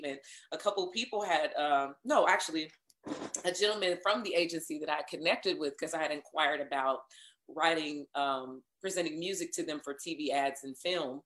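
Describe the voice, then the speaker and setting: A woman recounts her start in voiceover in a relaxed interview. She tells it with animation, slipping into other people's lines as she goes. Her voice sits a little low for a woman. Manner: animated, acts out quoted dialogue. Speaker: voiceover artist guest. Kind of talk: casual interview storytelling.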